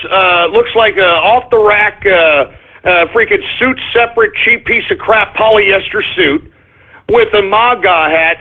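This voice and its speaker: A man hosting his own radio show, ranting in an agitated way, repeating himself and breaking into shouts. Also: high voice. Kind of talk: ranting call-in radio monologue. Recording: phone-line quality broadcast.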